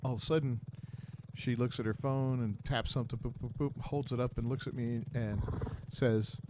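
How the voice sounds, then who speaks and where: A man's voice: medium pitch, fairly even intonation, moderate pace. A man in casual chat, telling a long story and filling it with "you know", over noisy game audio.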